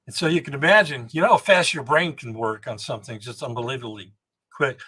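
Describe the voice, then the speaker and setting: A man's voice: mid-range voice, fairly quick, breathy edge. Older man telling rambling racing stories. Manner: rambling, animated anecdotes with frequent restarts. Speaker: guest, engine builder and racer. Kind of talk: storytelling podcast interview.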